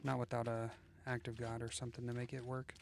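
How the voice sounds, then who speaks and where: A man's voice: mid-range voice, completely flat delivery, quick pace, gravelly, noisy background. A man streaming a game and chatting casually, rambling with lots of fillers and playfully slipping into sing-song voices. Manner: rambling, with many "like" and "you know" fillers. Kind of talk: casual live gameplay chat.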